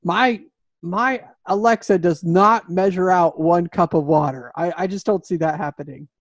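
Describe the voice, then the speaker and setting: High-voiced joking man, dry and dull. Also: normal speed, no room sound. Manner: joking, laughs a lot. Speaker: podcast host and home inspection business owner. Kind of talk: casual podcast chat. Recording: dry, slightly dull sound.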